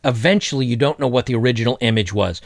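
A man's voice: mid-range voice, quick pace, no room sound, clean studio sound. A man hosting his own dating commentary vlog, talking casually with crude jokes and laughing at himself. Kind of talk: casual monologue.

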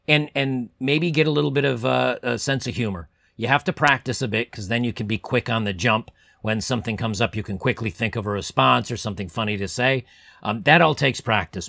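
A young man talking to camera as a channel host, giving rambling advice with lots of ums and repeated words, keeping his voice deliberately pressed low. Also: a bit bright, no echo, studio quality. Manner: deliberately lowered, pushed-down voice. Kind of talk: casual advice monologue to camera.

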